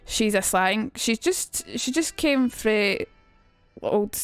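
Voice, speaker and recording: A woman's voice: mid-range voice, lively intonation, slow, clean tone, no echo, faint music behind. A young Scottish woman streaming a casual chat about accents, chatty and sweary, reading out messages from chat. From Scotland. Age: young adult.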